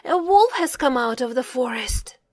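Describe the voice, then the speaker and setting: A bored, mischievous young shepherd boy, as a woman puts him on in a storybook reading. The voice is high and very lively, swooping up into shouted cries for help. It is recorded close and dry. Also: normal speed, no echo. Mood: shouting.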